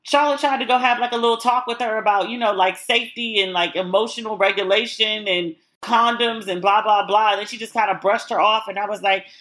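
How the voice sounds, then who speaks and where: A woman hosts her own podcast and talks alone in a loose, casual way. Her voice is bright and forceful, and she sits at an ordinary middle pitch. She is candid and blunt, swears freely, and acts out quotes as she retells things. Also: brisk, few pauses. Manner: animated retelling with acted-out quotes. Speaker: podcast host. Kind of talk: casual solo chat.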